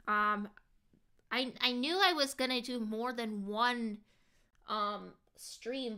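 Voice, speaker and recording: A woman's voice: on the high side, pushed and bright, clear, resonant tone. A woman streamer chatting casually to her viewers while she draws, with a lot of ums and likes. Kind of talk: casual livestream chat while drawing.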